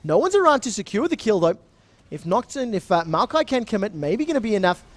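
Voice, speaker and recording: A young man with a South African accent doing live esports play-by-play, speeding up and getting louder in the big moments. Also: high-pitched, no room sound. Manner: fast, excitable play-by-play that rises in big moments. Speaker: esports shoutcaster. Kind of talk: live game commentary.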